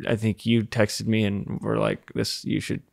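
A man's voice: fairly low pitch, flat delivery, measured pace, gravelly. A man in his thirties chatting casually as a guest, laid-back with short, understated replies. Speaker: guest, musician and son of the host. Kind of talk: casual chat.

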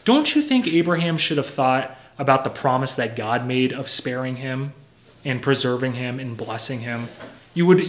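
A man's voice: mid-range voice, fairly bright tone. A young man preaching a sermon in a conversational, earnest way, explaining with everyday examples. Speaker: pastor.

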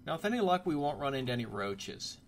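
Chatty gravelly-voiced man narrating gameplay. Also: fairly high pitch, sing-song, fast, slight background noise. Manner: chatty, joking asides. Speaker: gameplay commentator. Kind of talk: casual let's-play commentary.

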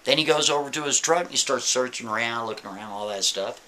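A man's voice: medium pitch, fast, bright, forceful tone. A man telling a story in a folksy, conversational way, often checking in with the listener. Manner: folksy, conversational, keeps asking "right?". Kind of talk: casual spoken storytelling.

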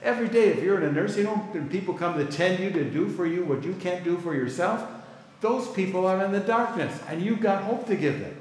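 A man's voice: high-pitched, animated, a little hiss or hum. Middle-aged man, pastor, conversational Bible class teaching, very echoey hall, long reverb. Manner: conversational, pauses to ask the class for reactions.

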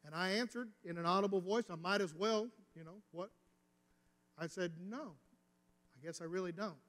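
Preacher guy, kinda high voice, storytelling sermon, big reverb from the church hall. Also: normal speed, a bit bright. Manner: personal storytelling, rising and falling intensity. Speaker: pastor. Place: church sanctuary.

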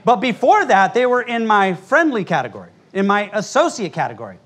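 High-voiced blunt American preacher. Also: male voice, sing-song, fairly quick, a bit bright. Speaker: pastor. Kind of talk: sermon. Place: church sanctuary before a congregation.

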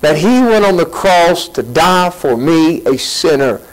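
A man preaching a sermon as pastor, folksy and animated, acting out quotes as he goes. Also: on the high side, a little slow, rough recording. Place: church sanctuary.

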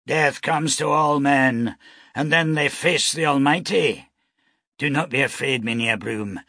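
A man's voice: mid-range voice, measured pace, sharp tone, no echo, clean studio sound, voice pushed up. A man voicing a stern frontier parson. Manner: firm, preacherly admonishing. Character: stern red-headed frontier parson, grim and commanding.

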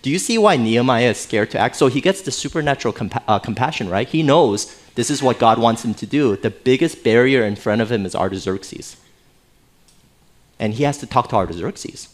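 A man preaching from the pulpit as pastor, his voice sitting at an ordinary middle pitch. He talks to the congregation in a loose, conversational way, tossing in jokes and frequent "right?" asides. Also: expressive, moderate pace. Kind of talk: sermon. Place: church sanctuary.

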